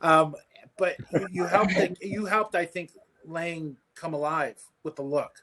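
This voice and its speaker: A man's voice: a little high, fairly even intonation, a little slow, sharp tone. Chatty appreciative man on a call. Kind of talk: casual group Q&A on a video call.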